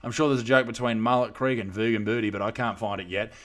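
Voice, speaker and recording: A man's voice: lowish voice, level tone, fast, fairly bright tone. An Australian man hosting a live stream, chatting casually with crude jokes. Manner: crude, joking banter. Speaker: comedian livestream host.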